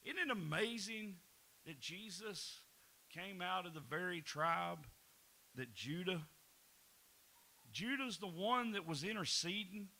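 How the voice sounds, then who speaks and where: A pastor preaching a folksy sermon, often repeating words and breaking into laughs. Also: male voice, high voice, expressive, slow, long pauses, sharp tone, low-quality recording.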